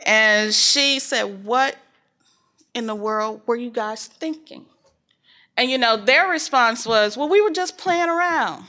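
A woman's voice: medium pitch, pushed and bright. A middle-aged woman leading a Bible study group in a casual teaching talk, conversational and full of fillers and personal stories.

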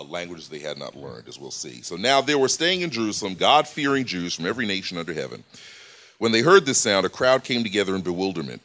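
A pastor with a fairly low, slightly bright voice preaches a sermon, explaining scripture casually and conversationally with many fillers.

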